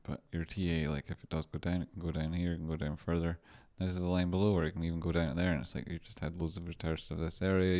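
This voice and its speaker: A man with a deep, low voice talks casually on a live stream, answering his chat and wandering through his points in a loose, rambling way. He sounds relaxed and chatty, restarting and circling back as he goes. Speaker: livestream host doing stock chart analysis.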